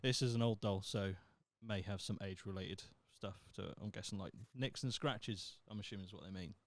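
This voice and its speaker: A man co-hosting a casual podcast, reading a listing aloud with mocking, deadpan asides. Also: fairly low pitch, a little fast. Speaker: podcast co-host.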